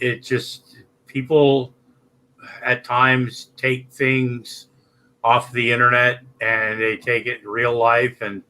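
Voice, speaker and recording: A man hosts a casual live stream and talks in a loose, rambling way, dropping curse words as he goes. His voice is bright and forceful, sitting in an ordinary middle pitch. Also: rough recording. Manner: rambling, loose, swears freely. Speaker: livestream host.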